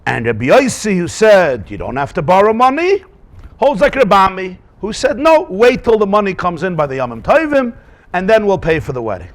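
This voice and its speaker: A rabbi with a voice that sits high teaches a Talmud class at normal speed, speaking animatedly, posing rhetorical questions and mixing in Yiddish and Hebrew terms.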